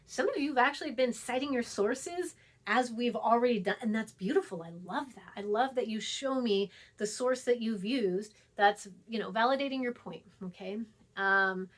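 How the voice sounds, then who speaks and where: On the high side and at normal speed, a female college writing instructor talks through a recorded online lecture. She's chatty and emphatic, repeats herself, and goes quiet and hushed for asides.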